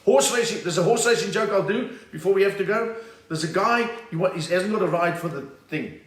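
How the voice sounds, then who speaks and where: A man's voice: sits high, fairly quick, echoey room, distant mic. A man telling jokes in a chatty live stream, acting out characters and chuckling. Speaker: stand-up comedian. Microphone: phone.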